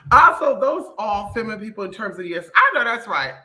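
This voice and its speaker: A brash woman vlogger holding forth in a loud, swearing monologue, her pitch swinging up and down as she mimics people. Her voice is bright and sharp, and it rings around a roomy, echoing space. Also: brisk, slight background noise. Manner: blunt, profane, animated, mimics others. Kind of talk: casual opinionated monologue.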